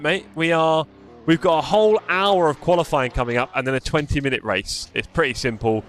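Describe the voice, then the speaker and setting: A man's voice: medium pitch, sing-song, moderate pace, a bit bright, slight background noise. A man hosting a live sim racing stream, chatting casually, teasing and reading the chat aloud. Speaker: stream host.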